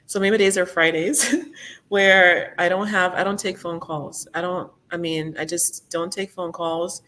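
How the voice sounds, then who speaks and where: Speaking at a measured pace in a low, steady voice, a middle-aged woman guests on a podcast for a relaxed interview. Her manner is soft-spoken and thoughtful, full of fillers.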